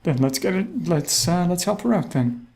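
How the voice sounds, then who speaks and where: A woman's voice: on the low side, lively intonation, moderate pace, mellow. A woman giving casual, chatty gameplay commentary, thinking aloud and laughing often. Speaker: let's play host.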